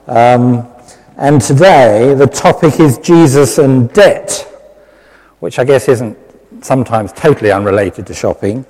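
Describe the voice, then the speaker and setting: A British lay preacher giving a conversational, self-deprecating sermon, with many fillers. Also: male voice, mid-range voice, darkish tone. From Britain. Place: church hall with long reverb. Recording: reverberant church hall.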